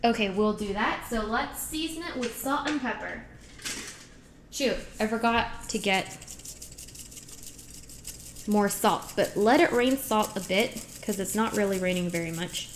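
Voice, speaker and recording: Medium-pitched and a little slow, this woman pauses often, and a faint hiss or hum sits under her voice. She cooks live in her home kitchen for a stream, playfully reading chat messages aloud, answering them and trading puns.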